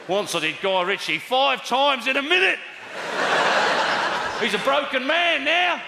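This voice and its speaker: A man's voice: very high-pitched, lively intonation, a little slow, gravelly, long pauses, very noisy. A man doing a wry, rambling stand-up routine on stage in a big theatre. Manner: wry, rambling, puts on silly voices. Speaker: stand-up comedian. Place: large theatre with an audience. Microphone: stage microphone. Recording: echoey live hall, loud audience laughter.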